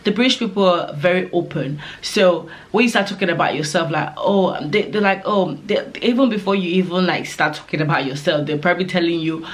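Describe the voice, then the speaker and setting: A woman's voice: on the low side, fairly quick, few pauses. A young woman talks casually to camera like she is chatting with a friend. Her delivery rambles from point to point, stuffed with "like" and small fillers. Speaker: vlogger giving advice. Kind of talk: casual advice talk to camera.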